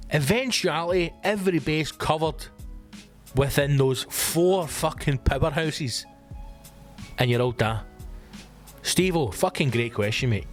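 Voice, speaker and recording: A Scottish man hosting a solo comedy podcast, swearing and ranting in an excitable, animated way. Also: a little high. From Scotland. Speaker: podcast host.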